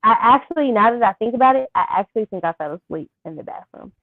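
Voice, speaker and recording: A young woman interviewed as a guest, telling a personal story softly and haltingly, with many fillers. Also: fairly high pitch, animated, dry recording. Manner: soft-spoken, halting with fillers. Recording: thin phone-like line.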